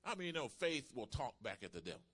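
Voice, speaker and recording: A male preacher delivering a sermon in a bright, forceful voice. He drives his points home with emphatic calls to the congregation, his voice sitting at a middling pitch for a man. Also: sing-song, quick pace, breathy edge.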